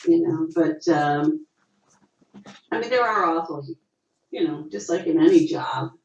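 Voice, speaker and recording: A middle-aged woman, an actress, telling stories in a casual interview over a video call, acting out quotes with a lifted voice. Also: unhurried. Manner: animated storyteller, acts out quotes with rising pitch. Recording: dull, roomy video call audio.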